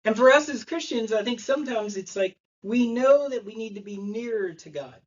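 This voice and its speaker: This thirty-something preacher speaks at a normal pace with a high-pitched, animated voice, though the recording sounds muffled. Standing in a church sanctuary, he shares stories in a chatty way and performs the quoted lines.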